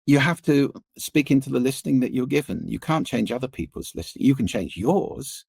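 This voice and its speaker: A middle-aged man, a podcast guest, explaining listening and voice in an animated, expressive way that shifts pace and pitch for emphasis. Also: a little fast, vocal fry, slightly rough, no echo. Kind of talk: interview conversation.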